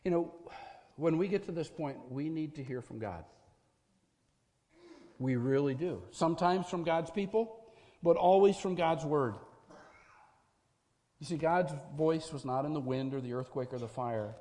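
Guy preaching, kinda high voice, earnest and punchy, long echo like a big church. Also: measured pace, long pauses, dark tone. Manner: earnest, emphatic preaching with repeated parallel phrases. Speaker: pastor. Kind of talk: sermon.

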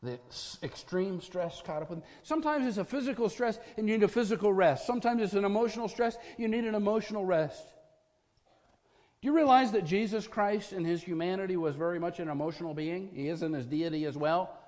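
A man's voice: sits high, brisk, darkish tone, long reverb tail. A man preaching a sermon as pastor, earnest and emphatic, building his points through repeated parallel phrases.

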